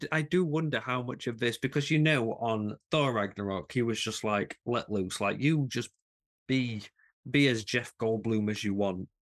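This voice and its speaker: A man chatting casually as a podcast co-host. He talks with eager enthusiasm, often restarting his sentences. He laughs easily as he goes. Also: mid-range voice. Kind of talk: casual chat.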